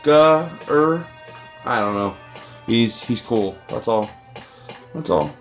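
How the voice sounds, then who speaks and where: A man's voice: mid-range voice, animated, measured pace, faint music behind. Rambling, profane young man gamer. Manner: rambling, profane, self-deprecating. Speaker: let's play gamer. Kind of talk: casual gameplay commentary.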